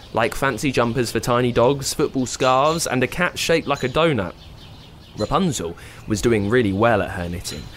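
Playful, animated man telling a story. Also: mid-range voice, a little hiss or hum. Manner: playful, expressive. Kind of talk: children's story narration.

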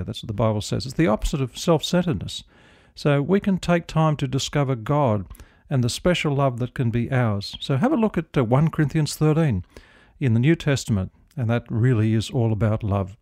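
A middle-aged man, a minister, giving a gentle radio devotional talk into a studio microphone. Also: mid-range voice, expressive, moderate pace, no room sound. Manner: gentle storytelling, prayerful close.

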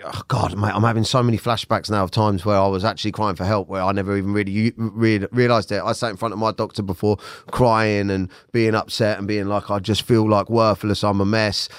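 Man, podcast host, low voice, candid, halting restarts, dry close sound. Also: flat delivery, dry recording. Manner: candid, hesitant restarts when speaking personally. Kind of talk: casual conversational interview.

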